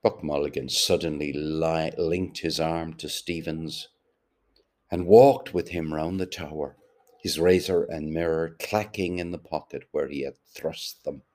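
A man narrating a literary novel as an audiobook, measured and deliberate. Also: very deep voice, steady tone, darkish tone.

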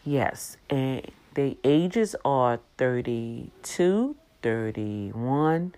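A woman in her fifties with an animated, exclamatory, preachy manner, talking casually about her faith to her viewers. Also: very deep voice, extremely slow. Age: 50s. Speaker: faith vlogger.

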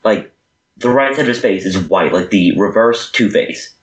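This podcast co-host, a young man, gives a casual movie review and brings scenes to life with animated character voices. He speaks at a moderate pace in a voice on the low side, recorded in an echoey room.

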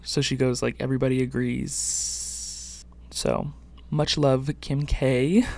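A man's voice: mid-range voice, fairly even intonation, slow pace, vocal fry. A young man hosting a solo music podcast, talking casually and often saying "like". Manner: chatty, uses "like" often. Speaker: podcast host.

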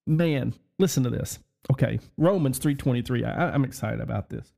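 A man preaching a podcast sermon, excitable, laughing often and asking his listeners questions. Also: medium pitch, normal speed, vocal fry.

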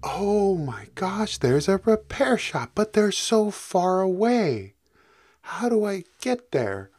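A man voicing an eager male hippo who races motorcycles, speaking in excited, polite, fretful exclamations. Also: sits high, takes it slowly, pitched above the performer's own voice, exaggerated voice. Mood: worried.

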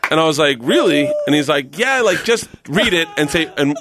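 A middle-aged man, a guest comedian, telling stories on a podcast in a casual, animated way, laughing often and acting out what others said. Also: fairly high pitch, normal speed, noisy background. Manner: animated, laughs often, acts out quoted voices.

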